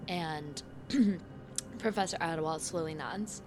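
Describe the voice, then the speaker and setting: A woman narrating a tabletop game scene as game master, relaxed and filled with ums and uhs. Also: on the low side, moderate pace, over music.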